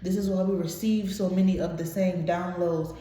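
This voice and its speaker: A woman's voice: lowish voice, fairly even intonation, normal speed, dark tone. A woman giving a casual tarot reading to her viewers, emotional and blunt, swearing freely. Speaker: tarot reader. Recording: very echoey room.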